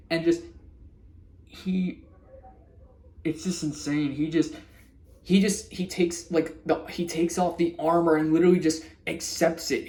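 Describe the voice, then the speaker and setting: A man's voice: fairly high pitch, a little mellow. A man talks through a cartoon episode in a loose, casual recap. He rambles, circles back and restarts his sentences, laughing now and then as he goes. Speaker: vlogger reviewing a cartoon episode.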